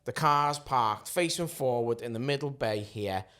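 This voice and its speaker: A man with a mid-pitched voice tells a blunt, sweary story in casual podcast chat. He acts out both sides of the conversation as he goes. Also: measured pace, a bit bright.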